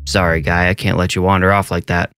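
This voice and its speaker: A man's voice: sits low, flat delivery, fast, fairly bright tone. A man voicing a wry, easygoing male night-shift cop with a friendly but firm manner. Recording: narration over clear background music.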